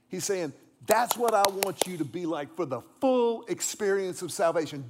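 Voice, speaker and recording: A male pastor, preaching a sermon in an animated, conversational way with self-deprecating humor. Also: sits high, normal speed, few pauses.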